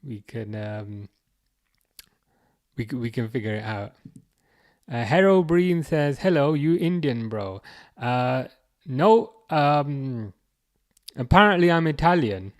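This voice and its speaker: A man with a Birmingham accent from the UK hosts a football watchalong livestream, reading out viewer comments in a halting, casual way with many restarts. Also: medium pitch, animated. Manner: halting, restarts often, chuckles, reads comments aloud. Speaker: livestream host reading chat.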